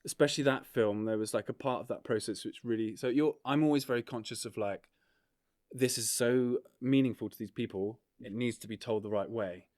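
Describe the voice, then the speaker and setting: A man, a documentary filmmaker, talking in a relaxed, rambling way on a casual podcast, full of fillers and swearing. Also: medium pitch, a little fast, no echo, studio quality. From England.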